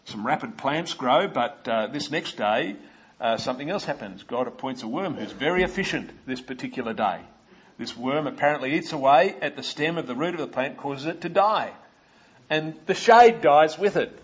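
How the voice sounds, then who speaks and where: A man with an Australian accent preaching an expository sermon in a measured, explanatory way, with many "uh" fillers and asides to the listeners. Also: fairly high pitch, lively intonation, husky, muffled recording.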